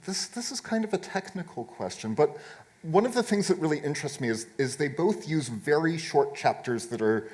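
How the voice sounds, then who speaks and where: A man moderating a live festival panel, asking thoughtful questions at a measured pace. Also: fairly high pitch, animated, darkish tone. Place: live event stage.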